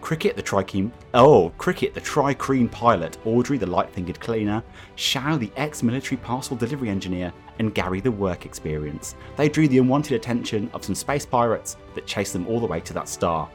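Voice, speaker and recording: A man's voice: lowish voice, expressive, brisk, soft background music. A chatty man hosting a tabletop game as game master, reading a recap. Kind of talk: casual chat and scripted recap narration. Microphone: webcam setup.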